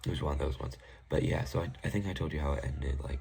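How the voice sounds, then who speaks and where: Young male vlogger, very low gravelly voice, rambling exasperated storytelling. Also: fast talker, a little mellow. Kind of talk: casual storytime rant.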